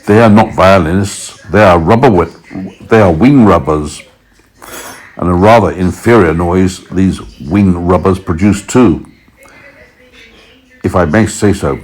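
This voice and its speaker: A man's voice: low voice, measured pace, pauses often. A man voicing an old male grasshopper musician in a storybook, polite and a bit pompous as he explains things. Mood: lecturing. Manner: polite, slightly pompous lecturing.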